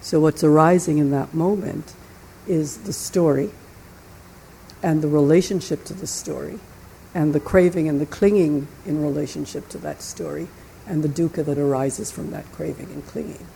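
A woman meditation teacher answers students from a group sitting. Her voice sits low with a gravelly edge and a mellow tone. She talks slowly and deliberately, with faint noise behind. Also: poor audio. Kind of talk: dharma talk and inquiry.

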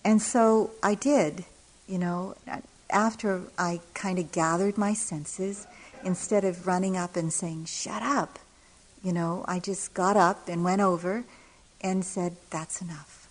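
A middle-aged woman, a meditation teacher, telling a personal story in a dharma talk with gentle pauses and soft laughs. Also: fairly low pitch, steady tone, rough recording. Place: retreat center hall.

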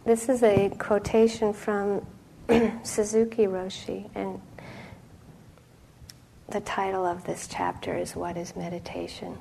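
A middle-aged woman teaching meditation in an easy, conversational dharma talk. Her voice sits at an ordinary pitch and often falls to a gentle near-whisper. A faint hiss of noise lies under the recording. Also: little pitch movement, slow, gravelly, long pauses, low-quality recording. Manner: gentle and conversational, with frequent laughter and soft whispered asides.

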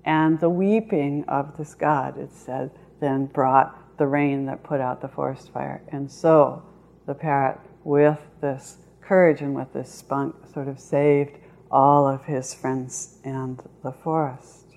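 A woman meditation teacher giving a dharma talk, speaking slowly and in a measured way, with long pauses. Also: rumbling low, steady tone, creaky, darkish tone.

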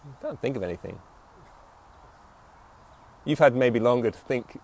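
Male meditation teacher, mid pitch, very animated intonation; reflective dharma-talk delivery that keeps checking in with "yeah?". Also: normal speed, vocal fry, long pauses, slight background noise.

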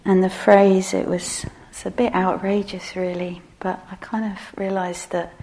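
A middle-aged woman giving a relaxed meditation talk, soft-spoken and self-deprecating with frequent laughter. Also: medium pitch, measured pace. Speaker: meditation teacher.

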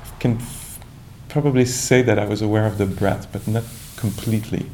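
A man giving a calm, reflective dharma talk as a meditation teacher, searching for words with many restarts and asides. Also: on the low side, normal speed, a little hiss or hum.

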